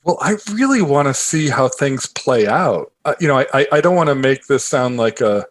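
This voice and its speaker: A man being interviewed as a guest, telling a story in a rambling, animated way with many filler phrases. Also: mid-range voice, moderate pace, a little hiss or hum. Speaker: guest, author and investor.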